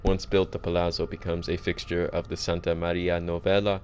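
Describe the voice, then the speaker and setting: A man reading game lore aloud in a put-on mock Italian accent, halting and stumbling over names. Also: low-pitched, flat delivery, a little hiss or hum, lightly acted. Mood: mock-grand.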